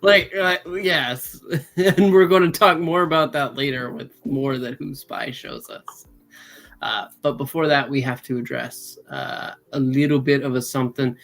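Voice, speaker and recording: A man's voice: medium pitch, unhurried, fairly bright tone, rough recording. An American man co-hosting a live fan podcast, playful and giggly in casual chat. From United States. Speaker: podcast co-host.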